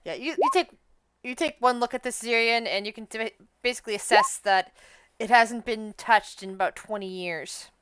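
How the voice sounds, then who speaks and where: Smooth-voiced woman game master. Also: fairly high pitch, normal speed, fairly bright tone. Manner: conversational, descriptive, explains rulings. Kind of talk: narrating a tabletop game.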